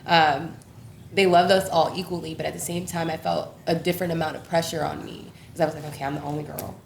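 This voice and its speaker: A young woman appears as an interview guest in a candid personal conversation, speaking openly and reflectively with easy laughs and lots of fillers. Her low voice is creaky and fairly quick, with little pitch movement. The recording has roomy echo and a slight hiss or hum.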